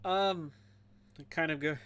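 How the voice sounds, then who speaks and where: A man's voice: on the high side, steady tone, a bit bright, slight background noise. A man playing a tabletop role-playing game, rambling and joking as he describes his character's actions. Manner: rambling, joking, slow bits of in-character mumbling. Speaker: player. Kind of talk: casual tabletop role-play.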